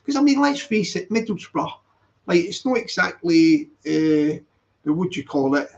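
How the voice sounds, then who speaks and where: A man with a fairly high, very animated voice and vocal fry speaks at normal speed while hosting casual live-stream chat on his channel. He rambles, corrects himself, and stops to read the chat aloud, all in dull lo-fi sound.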